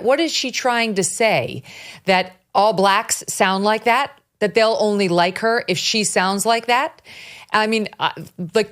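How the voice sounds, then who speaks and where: A woman hosting a talk show, speaking emphatically and with disbelief about politics. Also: mid-range voice. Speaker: podcast host. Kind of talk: political commentary chat.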